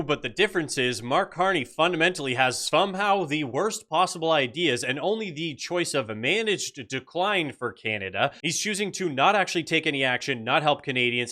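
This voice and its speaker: A man's voice: fairly high pitch, bright, forceful tone. A man giving blunt, opinionated reaction commentary on political news clips.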